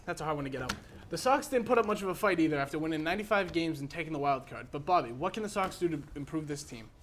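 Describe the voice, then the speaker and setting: A young man co-hosting a casual sports debate, excitable and joking, often talking over his partner. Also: on the high side, very fast, a little hiss or hum. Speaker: co-host.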